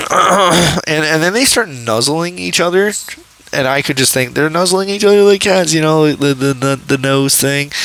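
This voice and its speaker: A man's voice: mid-range voice, fairly bright tone, low-quality recording. A young man casually reviewing a show, rambling with many fillers and restarts and laughing often. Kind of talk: casual commentary.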